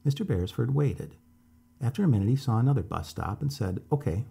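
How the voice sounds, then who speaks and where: A man calmly reading a story aloud as a bedtime storyteller. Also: mid-range voice, a little fast, creaky, breathy edge.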